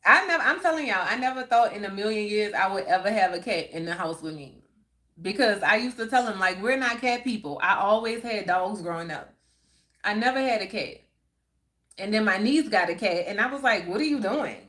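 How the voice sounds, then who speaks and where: A middle-aged woman hosting a live stream, chatting casually and reading viewer comments aloud, laughing often. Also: medium pitch. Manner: chatty, laughs often, drawn-out unhurried delivery. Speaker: livestream host.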